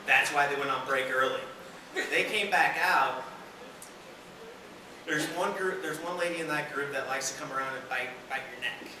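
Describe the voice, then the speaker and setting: A man doing stand-up at a work dinner, telling animated stories and acting out exasperated quotes. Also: mid-range voice, normal speed, pauses often. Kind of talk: stand-up storytelling. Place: dinner hall. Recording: echoey room from far off with noise.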